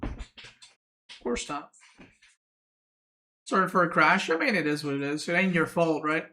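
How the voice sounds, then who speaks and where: Bright-voiced streamer. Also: male voice, a little high, unhurried. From Serbia. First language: Serbian. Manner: relaxed, answers chat questions aloud. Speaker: game streamer. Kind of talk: casual chat with stream viewers.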